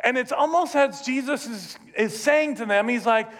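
A man preaching a sermon, retelling scripture with animated storytelling and rhetorical questions to his congregation. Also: very high voice, normal speed. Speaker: pastor.

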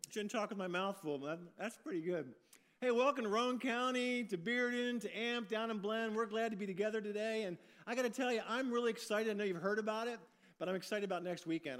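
A man preaching a sermon in a folksy, upbeat way, often restarting his phrases. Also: high voice. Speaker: pastor.

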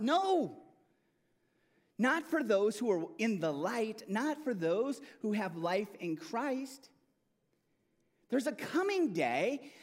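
A man preaching a sermon as pastor, emphatic and animated, often restarting and repeating words. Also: sits high. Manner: animated, emphatic preaching with rising and falling intensity.

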